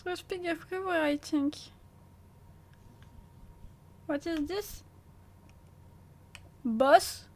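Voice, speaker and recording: A woman's voice: extremely high pitch, slow pace, darkish tone. A woman with a French accent giving live gameplay commentary as a streamer, jumpy and stammering, swearing and laughing often.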